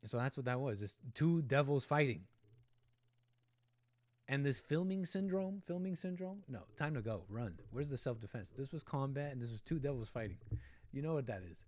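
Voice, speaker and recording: A man's voice: mid-range voice, fairly quick, no echo. A man hosting a livestream, giving rambling, opinionated commentary on a video clip and talking back at the people in it. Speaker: livestream host.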